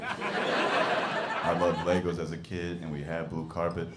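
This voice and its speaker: Male stand-up, deep voice, self-deprecating, echoey noisy club. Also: flat delivery, measured pace, long pauses. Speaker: stand-up comedian. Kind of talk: stand-up routine.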